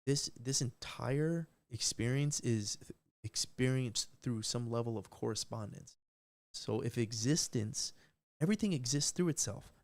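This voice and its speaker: A man's voice: medium pitch, darkish tone. Brief: male streamer, unscripted rant, profane, repeats himself, pushes hard on key words, mid-range voice. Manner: profane, rambling, emphatic with repeated restarts. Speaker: livestream host.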